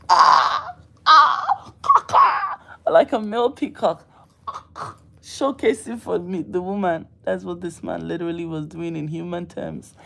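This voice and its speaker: Animated woman with a gravelly voice. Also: on the low side. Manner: animated, laughing, playful mock outrage. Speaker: livestream host. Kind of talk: casual livestream chat with viewers.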